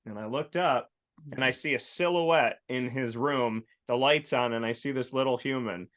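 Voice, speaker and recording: A male talk show host with a bright, forceful voice. He chats casually and tells animated stories, acting out quoted lines as he goes. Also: mid-range voice, normal speed. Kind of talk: casual chat.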